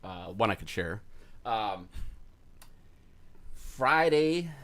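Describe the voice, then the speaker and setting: A man's voice: on the low side, very animated, extremely slow, a bit bright. A man co-hosting a podcast, telling a rambling, self-deprecating anecdote in casual chat. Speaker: podcast co-host.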